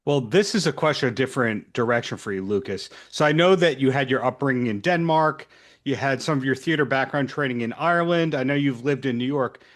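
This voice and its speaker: A man's voice: medium pitch, brisk. A man hosting a podcast, asking his guests friendly conversational questions over a video call. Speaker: podcast host. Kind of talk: interview questions. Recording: remote video call audio.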